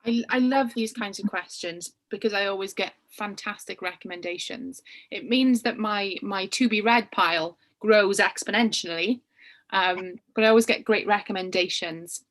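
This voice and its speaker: A woman hosting an online panel, moving things along briskly. She reads out audience questions and passes them to each guest in a medium-pitched, conversational voice. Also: fairly bright tone. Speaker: interviewer and moderator.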